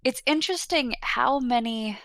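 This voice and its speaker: A woman's voice: high-pitched, normal speed, fairly bright tone, dry recording, studio quality. A woman talking earnestly and thoughtfully in casual chat. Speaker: co-host, newcomer to the story.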